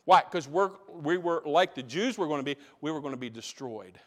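Male pastor, emphatic repetitive sermon delivery, somewhat high voice. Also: animated, normal speed. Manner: emphatic preaching, repeats phrases for stress. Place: church.

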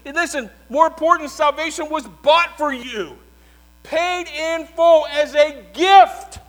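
The recording is rough, capturing a very high-pitched male preacher. He turns his sermon into a dramatic story, alternating hushed, unhurried moments with shouted declarations.

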